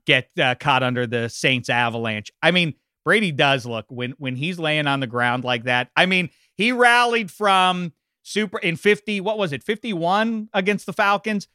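Bright, crisp-voiced sports talk man. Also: fairly high pitch, moderate pace, no echo, clean studio sound. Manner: animated, opinionated, many asides. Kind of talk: casual sports chat.

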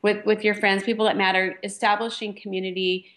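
A woman's voice: medium pitch, flat delivery, a bit bright. A woman co-hosting a Christian radio talk show, speaking earnestly and encouragingly about faith. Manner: earnest, encouraging, slow and deliberate.

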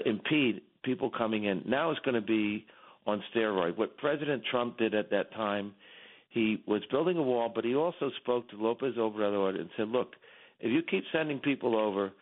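Fervent man on a tinny phone line. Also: medium pitch. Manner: fervent, repetitive, with restarts. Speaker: phone-in guest. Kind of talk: impassioned political commentary.

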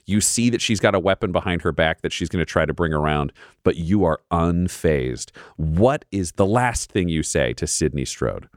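A man's voice: sits low, expressive, normal speed, no room sound, clean studio sound. A man running an improvised tabletop game as game master, with theatrical, playful storytelling. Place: studio.

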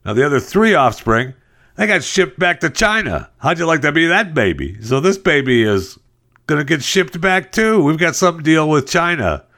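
A male talk show host giving sarcastic, exasperated commentary on the news, jumping between a high mocking tone and a low grumble. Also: big pitch swings, normal speed, bright, forceful tone.

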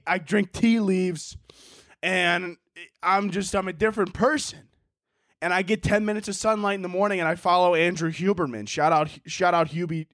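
A man's voice: high voice, no room sound, clean studio sound. A young man from Chicago telling a story on his solo podcast, swearing freely and acting out everyone in it. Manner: animated, profane, acts out the people in his stories. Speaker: podcast host.

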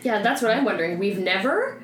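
Animated, playful woman guest. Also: mid-range voice, brisk. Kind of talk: casual chat. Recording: echoey room, clear chatter.

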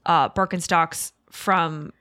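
A woman's voice: fairly low pitch, fairly even intonation, slow, sharp tone, clean tone, dry recording, studio quality. A woman co-hosting a podcast in casual chat, laughing often and talking playfully. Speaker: podcast co-host.

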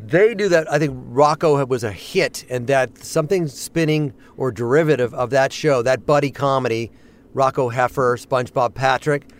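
A middle-aged man, a voice actor, chatting in an interview and breaking into quick character voices as he tells stories. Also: medium pitch. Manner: animated, slips into quick character voices mid-story. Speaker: voice actor guest. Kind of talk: casual interview chat.

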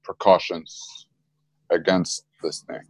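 A young man from Egypt chatting casually on a video call, relaxed and slangy, laughing often. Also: low voice, slow pace, dry recording. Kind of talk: casual chat.

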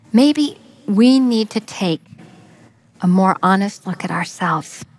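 A woman retelling a parable in a sermon, expressive and sometimes dropping to a whisper for emphasis. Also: medium pitch, husky. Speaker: speaker giving a devotional message. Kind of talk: sermon storytelling.

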